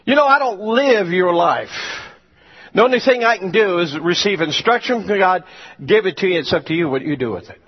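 A man's voice: high-pitched, expressive, fairly quick, slightly rough, long reverb tail. A male pastor preaching a sermon, telling stories with emphasis, on a dull lo-fi recording.

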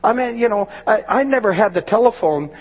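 A male pastor preaches with fervent conviction, his husky voice pitched a little high. He builds toward loud exclamations. The recording is dull and lo-fi, with long reverb from a church sanctuary. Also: expressive, fairly quick. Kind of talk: sermon.

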